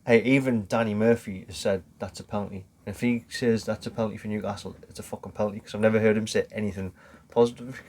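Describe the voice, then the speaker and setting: A lower-pitched man talks through a match on a casual podcast. He walks through each point step by step and drops the odd swear word without fuss. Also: steady tone, fast talker, darkish tone. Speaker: podcast co-host. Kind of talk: casual football podcast chat.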